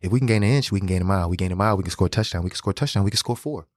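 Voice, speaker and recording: Animated, profane man telling stories. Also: sits low, racing, dry recording. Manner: animated, profane, slangy storytelling. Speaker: podcast guest. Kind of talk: casual storytelling interview.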